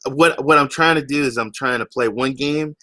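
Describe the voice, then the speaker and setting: An enthusiastic male co-host on a live gaming stream, his bright voice sitting at a middle pitch as he talks casually. He drives his points home to viewers, and the sound is dry and close. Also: moderate pace, no room sound. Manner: enthusiastic, emphatic, addresses viewers. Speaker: podcast co-host.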